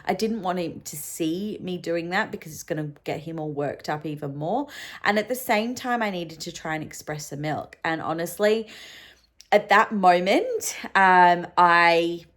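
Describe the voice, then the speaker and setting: Low-voiced woman talking candidly. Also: unhurried, a bit bright. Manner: open and emotional, many fillers. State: sleep-deprived. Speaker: vlogger, solo mum. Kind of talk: candid personal vlog.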